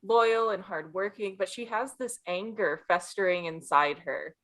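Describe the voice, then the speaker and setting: A woman's voice: medium pitch, unhurried, fairly bright tone. A young woman co-hosting a casual book podcast, analytical and wry, acting out characters' lines as she goes. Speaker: podcast co-host.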